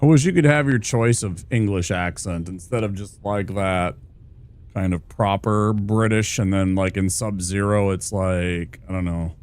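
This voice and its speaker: Low-voiced sweary game streamer. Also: male voice, measured pace, a little mellow, clean tone. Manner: rambling, sweary, laid-back. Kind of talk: casual gameplay commentary.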